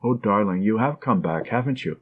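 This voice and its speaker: A man voicing a fragile, tender young woman nurse who speaks softly and pleadingly, in a slightly dull lo-fi recording. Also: on the low side, expressive, brisk, slightly rough.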